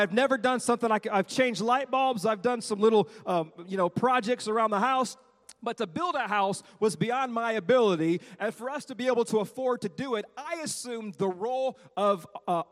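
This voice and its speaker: A middle-aged man preaching a sermon as a children's minister, lively and talking straight to the congregation. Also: sits high. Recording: long hall reverb.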